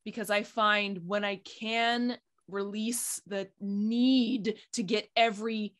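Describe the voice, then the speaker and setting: A woman's voice: mid-range voice, slow. A woman hosting an interview podcast, chatting casually and expressively about her own acting. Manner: lively, expressive, self-described performative. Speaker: podcast host, actor.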